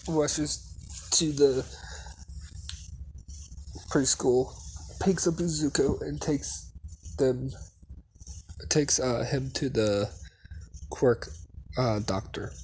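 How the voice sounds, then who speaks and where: A man casually retelling a fan story, halting often with fillers and restarts. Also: mid-range voice, fairly even intonation, a little mellow, slight background noise.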